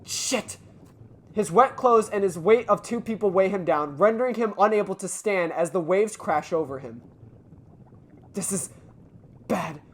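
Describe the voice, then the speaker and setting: A hoarse voice-over performer narrating and commenting on a visual novel playthrough, with casual swearing. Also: mid-range voice, animated, a little fast, few pauses. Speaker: game dub narrator. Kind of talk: video game playthrough narration.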